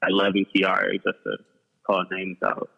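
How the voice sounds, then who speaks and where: A man calling in remotely as a guest, talking casually in halting bursts with shout-outs. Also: low-pitched, completely flat delivery, creaky, muffled recording. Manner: halting, many fillers and restarts, shout-outs. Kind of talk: casual chat. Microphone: remote call.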